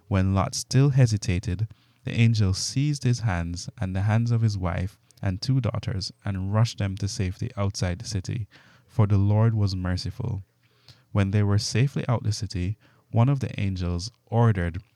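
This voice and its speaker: A man reading scripture aloud in a steady, measured way. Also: fairly low pitch, no echo. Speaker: Bible reader.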